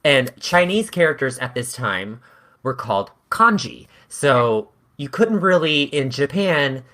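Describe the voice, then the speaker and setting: A woman's voice: very deep voice, big pitch swings, unhurried, fairly bright tone. A woman co-hosting a podcast, explaining history in a chatty, giggly way. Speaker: podcast co-host. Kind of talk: casual history chat.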